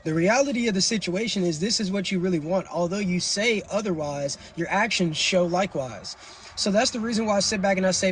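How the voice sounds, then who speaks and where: A high-voiced man talking fast and lecturing his livestream viewers. His delivery is slangy and preachy, and a faint hiss sits under his voice. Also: a bit bright. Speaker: livestream host. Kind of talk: casual livestream talk.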